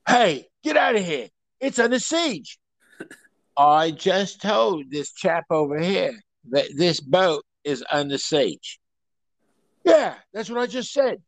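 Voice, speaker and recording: A man putting on a loud, crude Cockney character with a blustering manner. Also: high-pitched, sing-song, takes it slowly, no room sound, full character voice. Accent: Cockney, put on.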